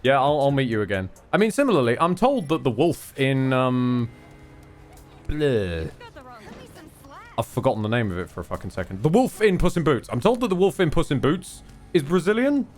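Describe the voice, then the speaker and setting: Rambling British streamer, lively pitch. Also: male voice, quick pace, faint music behind. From Britain. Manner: rambling, self-deprecating, sweary. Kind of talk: casual gaming commentary.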